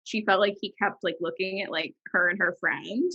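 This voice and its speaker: Husky-voiced woman podcast host. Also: medium pitch, steady tone, moderate pace, dull audio. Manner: rambling, self-interrupting, drops softer. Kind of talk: casual chat.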